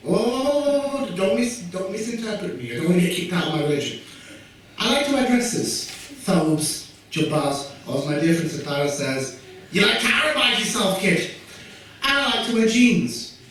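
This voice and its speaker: A man's voice: high-pitched, normal speed. Young Yorkshire man telling jokey stories. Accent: Yorkshire English. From Yorkshire, England. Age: young adult. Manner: jokey, animated, asides to the audience. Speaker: youth worker giving a talk. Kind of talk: storytelling talk at a community event. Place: community event hall. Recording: echoey room from far off with faint noise.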